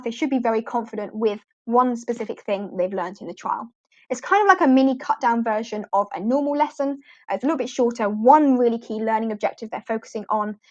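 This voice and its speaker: A woman's voice: fairly high pitch, dull audio. A woman walking teachers through online lesson slides in a chatty, practical way. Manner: chatty, practical, models prompts for students. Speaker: ESL teacher trainer. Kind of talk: instructional screen walkthrough.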